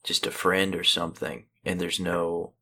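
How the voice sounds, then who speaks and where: A man in casual chat who mostly gives short replies and makes dry, deadpan jokes. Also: low voice, moderate pace, husky.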